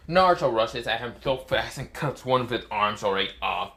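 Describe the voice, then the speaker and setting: A man's voice: mid-range voice, animated, normal speed, a bit bright. A man casually retelling a fan-made story in a rambling way, full of fillers and restarts.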